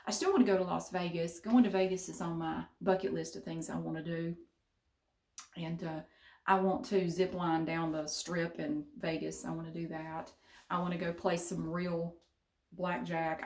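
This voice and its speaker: Chatty woman, low voice, roomy room. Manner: chatty, animated, laughing asides, mild cussing. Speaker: vlogger. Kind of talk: casual storytelling. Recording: roomy echo.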